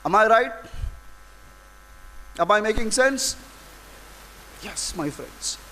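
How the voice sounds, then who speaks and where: A man giving a dramatic, emotional inspirational speech to an audience, full of long pauses. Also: high-pitched, expressive, bright, forceful tone, slight background noise, poor audio. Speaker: public speaker.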